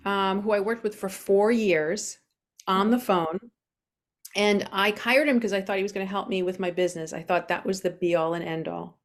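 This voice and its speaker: A woman in her forties, a guest on an interview show, telling her personal story openly with many fillers. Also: mid-range voice. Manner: open, earnest, with frequent fillers.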